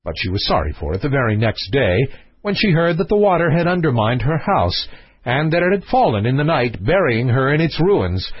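Guy reading a fairy tale aloud, lively up and down voice, kinda husky, dull lo-fi sound. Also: medium pitch, fairly quick, dry recording. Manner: expressive, lilting. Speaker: narrator. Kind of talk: storybook narration. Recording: dull lo-fi dry recording.

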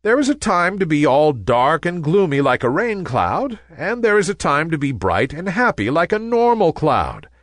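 A man voicing a calm, kindly male sun in a children's story, speaking gently and measured. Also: on the high side, no room sound, clean studio sound, pitched above the performer's own voice. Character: grand kind male sun, calm and wise.

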